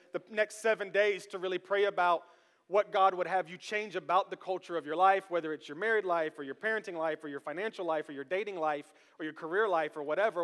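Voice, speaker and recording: A man in his thirties preaching a sermon to his congregation, joking, animated and often repeating his words. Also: high voice. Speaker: pastor. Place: church sanctuary. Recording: live with long hall reverb.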